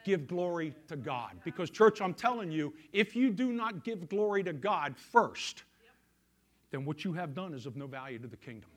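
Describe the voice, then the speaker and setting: A male pastor preaching a sermon, telling a story and swinging from loud emphasis to hushed quiet. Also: sits high, animated, normal speed.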